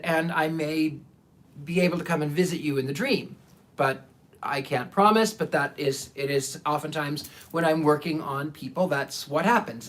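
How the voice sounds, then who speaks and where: A man, a psychic, telling stories in a casual, animated monologue, often repeating himself and acting out the people he quotes. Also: on the high side. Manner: animated, repeats words, acts out quoted voices.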